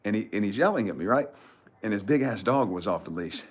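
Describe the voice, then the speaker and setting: A man's voice: on the low side, expressive, fast, no room sound. A middle-aged man telling a profane, swaggering story on a livestream, speaking into a phone held at arm's length out in a yard. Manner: profane, swaggering, laughs between lines. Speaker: vlogger hosting a giveaway livestream. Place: outdoors in a yard.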